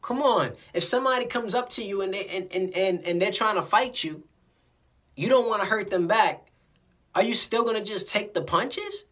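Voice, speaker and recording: A casual motivational vlogger speaking directly to viewers at a mid-range pitch. The delivery is animated and preachy, with stumbling repeats and little acted-out dialogues. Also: normal speed. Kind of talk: casual motivational talk to camera.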